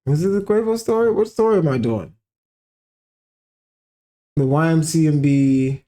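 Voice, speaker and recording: A man hosting a casual music reaction commentary, rambling with lots of fillers and sudden animated outbursts. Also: on the high side, measured pace. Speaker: commentary show host.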